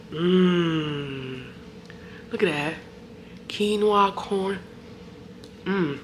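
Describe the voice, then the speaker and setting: A woman's voice: fairly low pitch, echoey room, background noise. A young woman vlogger, chatting playfully and directly to her viewers. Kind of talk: casual sponsored vlog chat.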